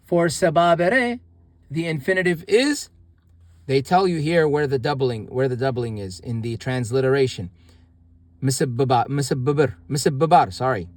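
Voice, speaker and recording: Halting man teaching grammar. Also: medium pitch, no room sound. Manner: halting, many restarts and fillers, repeats words slowly for learners. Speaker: language teacher. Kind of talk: casual online grammar lesson.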